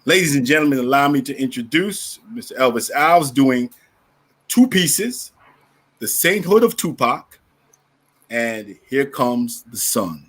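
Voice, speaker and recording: A man with a New York accent hosts a live event in a voice of everyday pitch. He is playful, riffing on words and repeating them for fun before he introduces the next performer. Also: expressive, measured pace, fairly bright tone, breathy edge. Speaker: event host.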